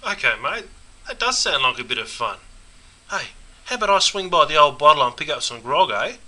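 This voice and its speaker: A man's voice: on the high side, sing-song, fairly quick, bright, forceful tone, exaggerated voice, low-quality recording. A man doing a slangy Aussie bloke. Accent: Australian. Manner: broad slangy ocker drawl. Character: laid-back Aussie bloke watching cricket. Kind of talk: scripted comedy sketch.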